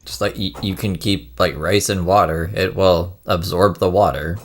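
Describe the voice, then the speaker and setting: A very deep-voiced man from Canada commenting on a clip he is watching. He keeps his remarks dry and sarcastic. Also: steady tone, normal speed. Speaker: streamer reacting to a clip. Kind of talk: reaction commentary.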